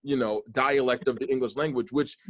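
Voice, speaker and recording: A man's voice: mid-range voice, steady tone, fairly quick, no room sound. Earnest man hosting a podcast, dry sound. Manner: earnest, rambling, many restarts. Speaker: podcast host. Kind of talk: casual podcast conversation.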